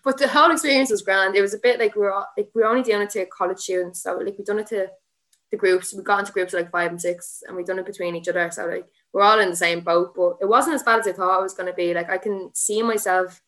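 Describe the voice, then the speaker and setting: Irish woman in her twenties, rambling casual podcast guest, full of "like", quick laughs. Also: mid-range voice, fairly even intonation, a bit bright. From Ireland. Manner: chatty and rambling, heavy use of "like", frequent laughter. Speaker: guest, MMA fighter and student teacher.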